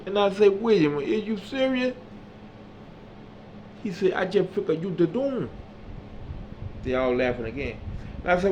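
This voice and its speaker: A man recounts his own story in a lively monologue, voicing the people in it and pushing to loud, emphatic peaks. His voice sits a little high for a man. The audio is slightly dull, with a faint hum behind him. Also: a little slow, long pauses. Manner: animated, acts out dialogue, builds to loud emphatic peaks.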